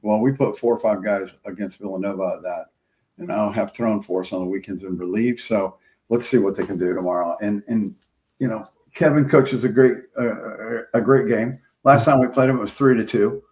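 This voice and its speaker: A man, a college baseball coach, talking as a guest on a sports radio show in a relaxed, halting way. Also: lowish voice, poor audio.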